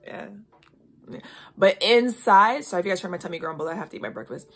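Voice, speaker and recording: Husky-voiced woman giving spirited pep talks. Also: mid-range voice, normal speed, long pauses. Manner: emphatic, coaxing, often checks in with okay. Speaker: podcast host giving intuitive readings. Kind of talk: casual spiritual chat.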